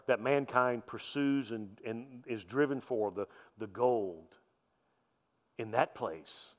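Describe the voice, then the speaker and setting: A male pastor preaching a sermon in a folksy, joking way, swinging from loud emphasis to soft, quiet lines. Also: mid-range voice. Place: church sanctuary. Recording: long reverb of a church hall.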